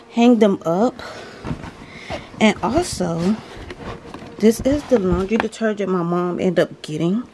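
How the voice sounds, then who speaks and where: Slow, breathless young woman. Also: medium pitch, background noise. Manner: chatty, keeps calling the viewers y'all. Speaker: vlogger. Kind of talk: casual vlog chat to viewers. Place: at home.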